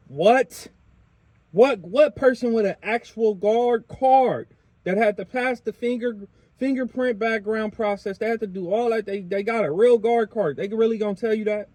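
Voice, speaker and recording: Male podcast host, blunt and argumentative, high-pitched and mellow, dry studio sound. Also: moderate pace, no room sound. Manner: blunt, argumentative, street slang. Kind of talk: casual interview talk.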